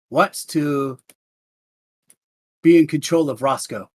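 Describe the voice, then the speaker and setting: A man's voice: on the high side, slow pace, long pauses. A man narrating as game master of a tabletop game, rambling with many fillers.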